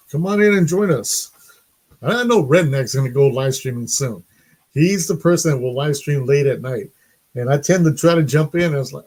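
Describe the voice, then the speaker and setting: A middle-aged man talks casually to his live stream viewers. His voice sits at an ordinary pitch, and he laughs easily between stories. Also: darkish tone. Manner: chatty, laughs often.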